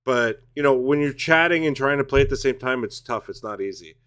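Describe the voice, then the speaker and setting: A man's voice: mid-range voice, animated, a little fast, fairly bright tone, clean tone. A man, streaming a tank game from his home basement, chatting casually with viewers, mocking himself and swearing when things go wrong. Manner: chatty, self-mocking, swears and blurts out during play. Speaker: gaming streamer. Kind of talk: casual live-stream commentary while playing.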